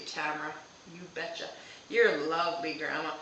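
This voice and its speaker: A woman psychic medium giving a live-streamed reading, speaking gently and reassuringly and often checking in with "okay?". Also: deep voice, fairly even intonation, normal speed, roomy sound, distant mic, slight background noise, low-quality recording.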